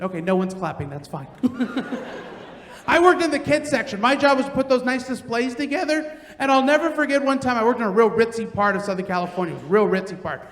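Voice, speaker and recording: High-voiced man doing stand-up in a theater. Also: a little hiss or hum. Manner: loud, animated storytelling with acted-out quotes. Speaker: stand-up comedian. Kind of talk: stand-up comedy set. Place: large theater stage. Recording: roomy theater with long reverb.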